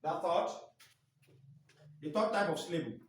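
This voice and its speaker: A man's voice: a little high, animated, unhurried. A man in his forties running a staff training, quizzing the group and spelling out letters one by one. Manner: quizzing, often ends phrases with a prompting "what?". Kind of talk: classroom training lecture. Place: indoor training room. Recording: echoey room, mic far off.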